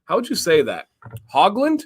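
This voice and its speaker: A man co-hosts a casual live stream, upbeat and chatty as he greets viewers by name. His voice sits a touch high and rings bright and forceful. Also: normal speed. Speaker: livestream co-host.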